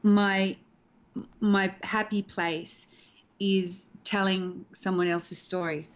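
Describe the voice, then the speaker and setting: A woman's voice: medium pitch, slow pace, smooth. A middle-aged actress telling stories in a casual interview over a video call, acting out the voices of people she quotes. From Australia. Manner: animated storyteller, acts out quoted voices. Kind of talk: casual chat, storytelling.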